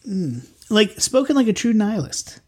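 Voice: mid-range voice, big pitch swings, moderate pace, darkish tone, breathy edge. A podcast host in loose, comedic conversation with a co-host. The talk is playful and jokey, and it wanders through restarts and self-corrections as the host circles back on their own words. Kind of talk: casual comedic podcast chat.

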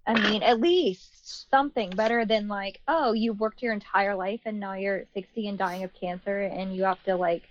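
A woman's voice: mid-range voice, moderate pace, hardly any pauses, no echo, highs cut off. A woman chatting casually, earnestly thinking aloud. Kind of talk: casual chat.

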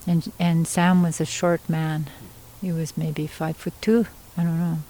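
A woman storyteller from Yukon, Canada, telling a traditional story in an unhurried, conversational way with pauses and asides. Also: low voice, little pitch movement, warm tone, slight background noise, rough recording. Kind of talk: oral storytelling.

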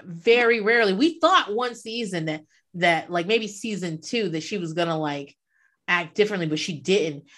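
A woman's voice: on the low side, expressive, normal speed, fairly bright tone. A woman co-hosting a casual chat, blunt and profane, laughing often.

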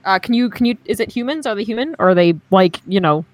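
A woman's voice: mid-range voice, lively intonation, quick pace, no echo. A woman playing a tabletop game, talking casually in a rambling way with many restarts. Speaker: player. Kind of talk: tabletop role-play chat.

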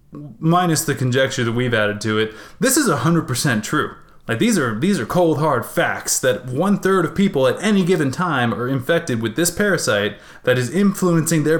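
Man spinning mock-serious conspiracy talk. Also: mid-range voice. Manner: conspiratorial, mock-dramatic, casual slang. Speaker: podcast co-host. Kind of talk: casual chat.

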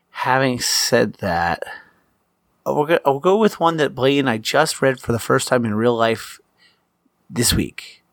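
A man playing a tabletop role-playing game, chatty and quick to laugh. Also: mid-range voice, fairly bright tone, no room sound, studio quality. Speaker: player. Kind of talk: casual tabletop play.

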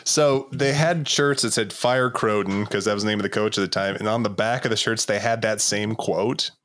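A man's voice: fairly low pitch, fairly even intonation, normal speed, a bit bright. A man co-hosting a casual chat, offering wry, sarcastic commentary. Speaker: podcast co-host.

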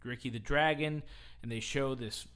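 A man's voice: medium pitch, normal speed, a bit bright, smooth. A man on a podcast telling a wrestling story in casual chat, rambling and laughing often. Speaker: podcast host.

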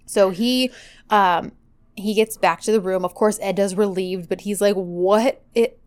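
A woman's voice: medium pitch, fairly even intonation, moderate pace, clear, resonant tone. A woman casually recapping a TV drama with a co-host, animatedly acting out the characters' lines as she goes. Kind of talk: casual chat.

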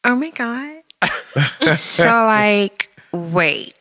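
A woman putting on the voice of a prissy, flustered young white woman at the office, with high, gushing, shocked exclamations. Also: very animated, extremely slow, pushed and bright, full character voice. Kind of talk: podcast chat with a comic impression.

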